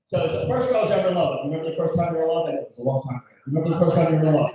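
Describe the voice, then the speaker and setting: A man doing a stand-up set, telling stories loudly with shouted punchlines and mimicked voices. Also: on the high side, racing. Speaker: stand-up comedian. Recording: echoey, distant live recording.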